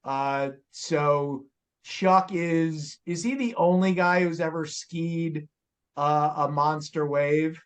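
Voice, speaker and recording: A man hosting an interview over a video call, relaxed and friendly. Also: a little high, takes it slowly, smooth. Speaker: host.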